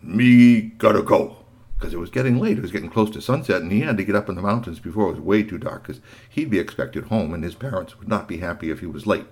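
Animated man telling a kids' story. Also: deep voice, fast talker. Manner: animated, with sound effects and asides. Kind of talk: children's story told aloud.

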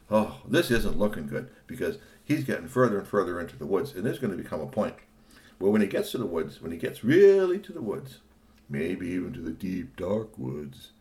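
A man telling an improvised children's story in an animated, playful way. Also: fairly low pitch.

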